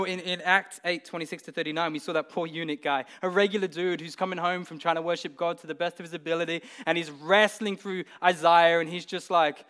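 A man's voice: a little high, a bit bright. A man preaching a sermon, earnest and building to emphatic peaks, often repeating words as he goes.

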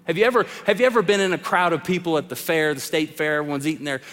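Middle-aged male pastor, passionate sermon, high tenor, long reverb of a church hall. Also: steady tone, racing. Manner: impassioned preaching, swings between loud calls and hushed lines.

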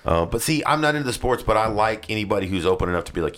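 A man's voice: on the low side, expressive, rapid-fire, a bit bright. A man hosting a podcast in casual chat, rambling with stammering restarts and self-deprecating jokes. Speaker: podcast host.

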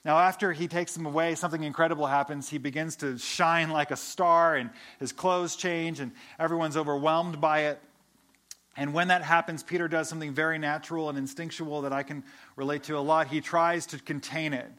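A man's voice: on the high side, steady tone, a little fast, pushed and bright. Earnest man preaching a casual sermon. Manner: conversational, earnest, with frequent restarts and stammered repeats. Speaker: pastor.

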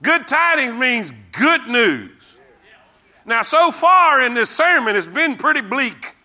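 A very high-pitched man preaches slowly, his bright, forceful voice swinging widely in pitch. He stresses and repeats phrases, leading the congregation to read verses with him.

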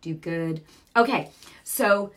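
A woman's voice: lowish voice, slow, a bit bright. A middle-aged woman preaching informally on a broadcast, earnest and chatty, with sudden bursts of emphasis. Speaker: Christian broadcaster.

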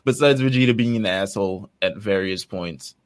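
A man co-hosting a casual fan podcast, laid-back and quick to laugh as he retells scenes. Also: on the low side. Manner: laid-back, laughs often, acts out characters' lines. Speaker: podcast co-host.

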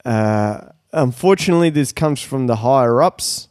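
A man's voice: medium pitch, lively intonation, moderate pace, a little mellow, clear, resonant tone, dry recording, clean studio sound, lightly acted. A man as a stalling call-centre worker. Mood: apologetic. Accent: Australian. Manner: stalling, polite, full of ums. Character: hesitant call-centre worker fobbing off a caller.

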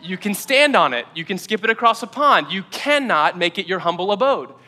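A man preaching a sermon as pastor, energetic and quick to joke in asides. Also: sits high, big-room sound. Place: church auditorium.

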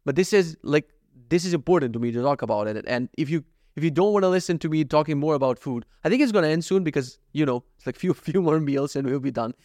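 A man's voice: fairly high pitch, fast talker, a little mellow, no room sound. A young man hosting a podcast, talking candidly and self-critically in a rambling, profane confessional monologue into a close mic. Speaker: podcast host.

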